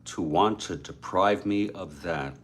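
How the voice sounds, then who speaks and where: A man casually retelling a story he wrote, stopping for asides and fillers. His voice is on the low side and his delivery is slow and unhurried. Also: slight background noise.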